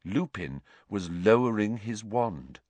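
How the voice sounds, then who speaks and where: Slow, lively male storyteller. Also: fairly low pitch, no echo. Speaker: narrator. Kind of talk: audiobook narration.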